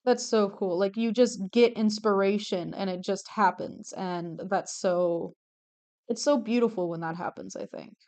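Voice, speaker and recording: Chatty young woman streamer, smooth voice. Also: medium pitch, a little slow, a little mellow. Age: young adult. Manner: gushing, chatty, swears freely, trails off mid-sentence. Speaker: streamer drawing commissioned art. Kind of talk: casual livestream chat while drawing.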